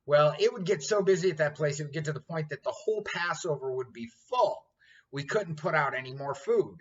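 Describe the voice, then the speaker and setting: A man's voice: on the high side, lively intonation, brisk. A man in his fifties, a chef, telling a story in casual chat, blunt and profane. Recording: dull lo-fi sound.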